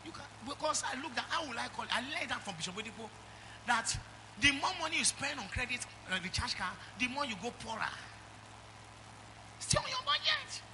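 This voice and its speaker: A middle-aged Nigerian-accented man preaching a sermon in church, calling out to the congregation and swinging from loud exhortation to quiet asides. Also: very high voice, lively intonation, fast talker, slight background noise. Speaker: pastor.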